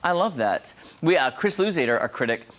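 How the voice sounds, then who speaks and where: A man's voice: a little high, animated, a little fast, a bit bright. Chatty morning show host, man. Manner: chatty, reads viewer comments aloud. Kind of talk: casual studio chat. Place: TV studio.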